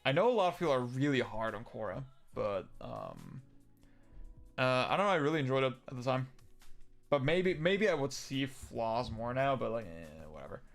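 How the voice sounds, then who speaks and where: A man's voice: mid-range voice, huge pitch swings, normal speed, creaky, soft background music. A young man chatting casually on a livestream, answering viewer comments in a rambling way, with lots of fillers, restarts and casual swearing. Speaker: livestream host.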